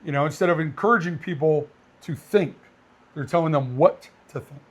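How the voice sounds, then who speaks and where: Brief: high-pitched male podcast co-host, blunt and animated, firearms instructor. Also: normal speed, husky. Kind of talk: casual podcast chat.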